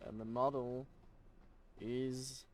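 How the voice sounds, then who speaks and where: A man's voice: medium pitch, level tone, slow pace, darkish tone. A young French man streaming a game, who chats playfully with his viewers and laughs often. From France. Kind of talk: casual live-stream chat with viewers.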